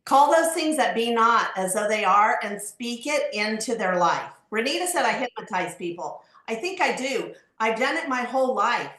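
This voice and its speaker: A woman's voice: fairly high pitch, lively intonation, moderate pace, few pauses, fairly bright tone. A woman giving sales advice on a team call, upbeat and enthusiastic with evangelical phrasing. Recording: roomy call audio.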